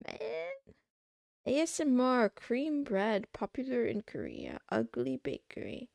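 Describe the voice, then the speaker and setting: A young woman streaming, chatting casually and rambling as she browses, thinking out loud and trailing off. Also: fairly high pitch, wildly swooping pitch, slow pace, vocal fry, no room sound. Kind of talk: casual livestream chat.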